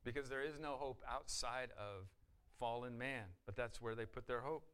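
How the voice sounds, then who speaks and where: A male pastor delivering a verse-by-verse sermon at an ordinary mid pitch. He talks with sudden bursts of loudness and pointed rhetorical questions. He briefly takes on the voices of the figures he quotes. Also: fairly even intonation, normal speed, clean tone. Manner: acts out the voices of the priests in quotes. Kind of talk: expository sermon.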